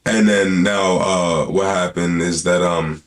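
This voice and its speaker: A man's voice: deep voice, steady tone, slow, a little hiss or hum. A man hosting a podcast in casual, rambling talk, full of slang and swearing. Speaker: podcast host.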